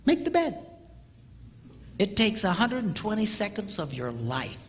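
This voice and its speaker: A man with a high, bouncing voice works a live audience with playful humor. His talk rings out across a large hall with a long reverb. The recording sounds muffled and lo-fi, with a faint hiss underneath. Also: a little slow. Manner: playful and animated, mimics a bell sound. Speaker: speaker addressing an audience. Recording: dull, roomy hall recording.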